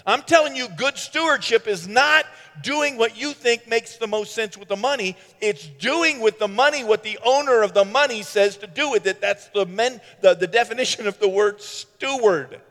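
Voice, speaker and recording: A man preaching a sermon in an animated way, with sarcastic asides, swinging from loud to hushed. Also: high-pitched, moderate pace, few pauses, in a large hall.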